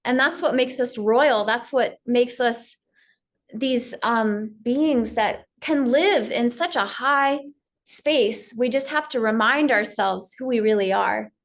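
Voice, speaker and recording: A woman teacher giving a gentle, story-filled spiritual talk on yoga. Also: a little high, takes it slowly.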